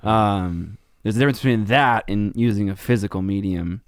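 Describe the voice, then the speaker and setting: Low-voiced man chatting on a podcast. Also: moderate pace, smooth, no echo, clean studio sound. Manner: relaxed, chatty, filler-heavy with likes and ums. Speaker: podcast co-host. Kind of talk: casual podcast chat.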